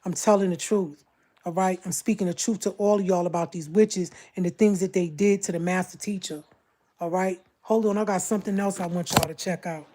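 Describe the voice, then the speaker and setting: A woman's voice: fairly low pitch, fairly even intonation, a little fast, dark tone. A woman from Brooklyn with a Brooklyn accent, talking bluntly and confrontationally on a casual livestream. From Brooklyn, New York.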